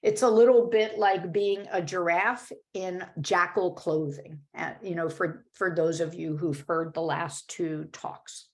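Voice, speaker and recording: Female webinar presenter, lowish voice with some fry, conversational teaching over a video call. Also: fairly even intonation, measured pace, hardly any pauses. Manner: explanatory, conversational, with frequent "right?" and "uh". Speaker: workshop presenter. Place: home or office video call.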